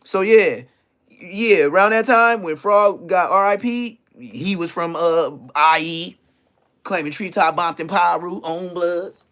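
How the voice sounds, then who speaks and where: A man telling a story in an animated way, full of profane street slang. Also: sits high, slow pace. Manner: profane slang, acts out others' lines.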